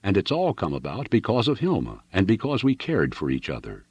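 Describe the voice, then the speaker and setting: A man's voice: on the low side, wildly swooping pitch, fairly quick, darkish tone, breathy edge, dry recording. A man reading a novel aloud with dramatic, varied storytelling. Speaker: audiobook reader. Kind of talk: novel narration.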